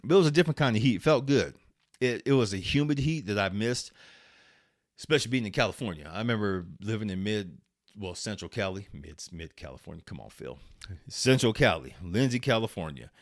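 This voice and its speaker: A middle-aged vlog host from Arizona, USA, tells a casual story in a lowish, animated voice at a fairly quick clip. He's chatty, swears freely, laughs often and keeps restarting sentences. The studio-quality recording has no room sound.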